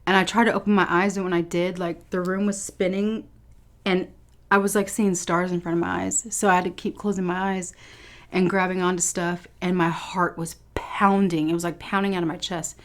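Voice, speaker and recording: A woman's voice: lowish voice, flat delivery, normal speed. A young woman vlogger telling a personal story to her viewers in a casual, chatty way, swearing now and then and laughing. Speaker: food vlogger.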